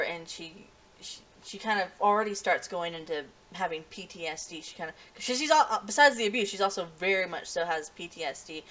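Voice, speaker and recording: A woman recaps and reviews an anime episode in a loose, conversational way. Her voice sits a little low for a woman, and she talks in a rambling stream, often restarting and leaning on "you know" as she goes. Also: fairly bright tone. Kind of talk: casual spoken review.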